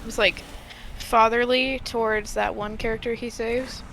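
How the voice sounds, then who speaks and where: A woman's voice: on the high side, little pitch movement, a little slow, fairly bright tone, a little hiss or hum, rough recording. A woman in casual chat on a stream, blunt, swearing, and laughing often.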